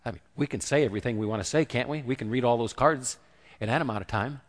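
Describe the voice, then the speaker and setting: A man's voice: mid-range voice, fast, in a large hall. A man preaching a conversational sermon and acting out the quoted voices. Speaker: pastor.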